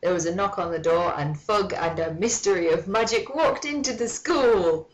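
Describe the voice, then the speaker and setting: A woman's voice: fairly low pitch, moderate pace, lo-fi sound. A woman giving a mock-dramatic reading of a fan story, breaking off for sardonic, swearing asides. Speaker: comedic reader.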